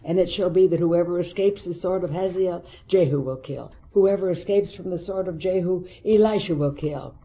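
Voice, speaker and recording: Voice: medium pitch, normal speed, few pauses, mellow, poor audio. A Bible teacher reading scripture aloud and breaking off for emphatic, conversational asides.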